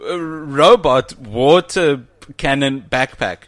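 A man co-hosts a podcast in easygoing, casual chat. He is playful and often breaks into a laugh mid-sentence. His voice sits at an average pitch and comes across dry and close. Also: slow pace, no room sound. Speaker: podcast co-host.

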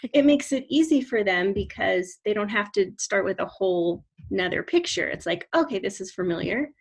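A woman's voice: mid-range voice, creaky, breathy edge. Agreeable woman co-host, conversational. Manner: agreeable, backchannels often, measured. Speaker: speech therapist, podcast co-host. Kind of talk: casual podcast chat.

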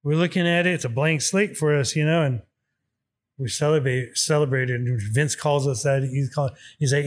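A man spins a story in casual conversation, his voice sitting a little high. He swears constantly and plays out each side of the exchange himself. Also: normal speed. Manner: profane, animated, acts out dialogue. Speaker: guest telling a story.

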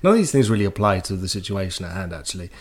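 A man's voice: low-pitched, lively intonation, rapid-fire, husky. A man co-hosting a comedy podcast, chatting casually and agreeing often. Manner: agreeable, lots of "yeah, yeah". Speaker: podcast co-host.

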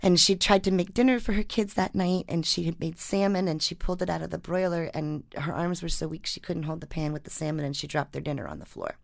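Low, gravelly-voiced woman reporter. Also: fast, few pauses, no room sound, studio quality. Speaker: newspaper reporter and guest. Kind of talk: reading her feature story, then casual storytelling.

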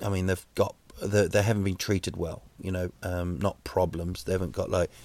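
A man with a New Zealand accent hosting a solo podcast, rambling deadpan jokes with many fillers and restarts. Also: low-pitched, normal speed. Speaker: podcast host. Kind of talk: solo comedic podcast monologue.

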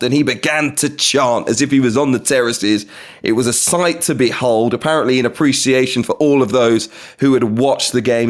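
A man hosting a football podcast in a relaxed way, bringing in his panelists. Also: medium pitch. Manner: easygoing, brings in panelists by name. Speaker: podcast host.

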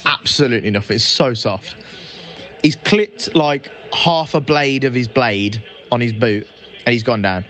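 A man giving lively, animated live match commentary as a fan. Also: mid-range voice, a little slow. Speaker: podcast co-host. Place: indoors by a fireplace.

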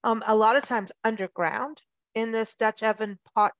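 A woman's voice: on the high side, steady tone, moderate pace, no room sound. A woman from Africa, hosting a travel radio show in casual chat, chatty and playful with frequent laughs. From South Africa.

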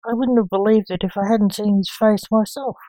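A woman's voice: medium pitch, fairly even intonation, fairly quick, dark tone, no echo, lightly acted, rough recording. A woman reading the part of a plain, matter-of-fact male police officer reporting to his sergeant.

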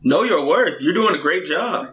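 A man's voice: a little high, moderate pace, slight background noise. A young man hosting a comedy podcast, teasing his co-hosts and laughing in casual banter. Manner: teasing, lively, laughs and jokes at others. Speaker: podcast host.

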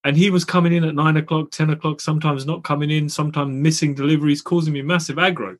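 A man's voice: on the high side, fairly even intonation, fast talker. A man, a property developer, tells an exasperated story in a casual podcast chat.

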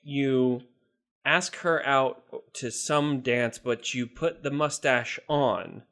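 A man's voice: medium pitch, slow, a bit bright. A young man co-hosting a podcast in casual chat, playful and joking. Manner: joking, playful, jumps between voices. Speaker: podcast co-host.

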